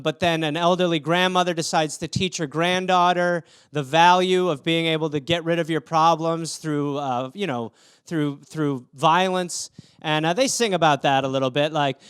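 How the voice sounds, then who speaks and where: Here he's again alone at home, riffing comically on news stories in a high, smooth voice with a little brightness to it. Profanity runs throughout as he wanders between absurd scenarios, captured close and dry without any room echo.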